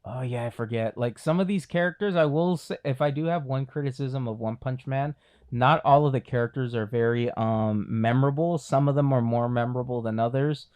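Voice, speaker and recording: A man's voice: medium pitch, brisk, a little mellow. A man co-hosting a podcast, talking casually from the United States with a rambling, filler-heavy delivery. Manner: rambling, many fillers and restarts. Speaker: podcast co-host. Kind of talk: casual chat.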